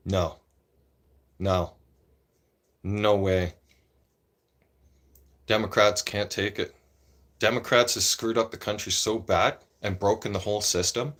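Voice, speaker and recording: A man's voice: lowish voice, fairly even intonation, slow, pauses often, fairly bright tone. A man ranting casually and opinionatedly to camera, rambling and repeating himself and tagging lines with "right?". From Canada. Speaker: vlogger. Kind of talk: casual political rant.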